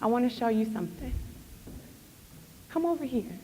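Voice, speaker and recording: A woman voicing a calm, kindly fairy godfather who asks soft, reassuring questions. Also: on the high side, moderate pace. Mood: coaxing. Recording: long hall reverb.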